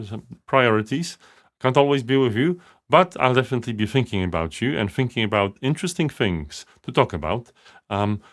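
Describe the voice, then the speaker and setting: Male coach host, slightly low voice, loose rambling live-stream delivery full of ums. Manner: rambling, full of fillers and restarts. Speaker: leadership coach hosting a live show. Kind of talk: casual live-stream monologue.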